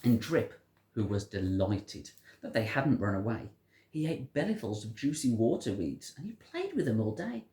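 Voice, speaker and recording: A storyteller reading a picture book aloud to a child, with a pitch that rises and falls in a lively, sing-song way. The voice sits in a middle register, and the room gives it a roomy echo. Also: moderate pace. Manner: animated, sing-song telling.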